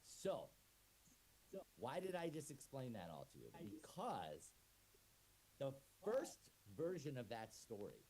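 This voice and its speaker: A man's voice: medium pitch, slow, a little hiss or hum, low-quality recording. A middle-aged man, an autism educator, telling an audience a story and acting out both sides of it in voices. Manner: animated storyteller who acts out both sides of a scene in voices. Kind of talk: lively talk to an audience.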